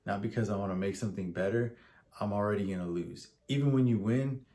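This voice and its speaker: A man co-hosting a relationship advice podcast speaks frankly and earnestly. His voice sits somewhat low, and he drops in light joking asides. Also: fast talker, mellow. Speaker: podcast co-host. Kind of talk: casual advice chat.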